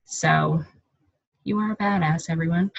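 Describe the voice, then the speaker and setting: A woman's voice: low-pitched, a bit bright. A middle-aged woman coach sharing personal stories on a team call, candid and self-conscious, laughing often. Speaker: guest speaker, fitness coach. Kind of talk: casual talk on a team video call. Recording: dull lo-fi call audio.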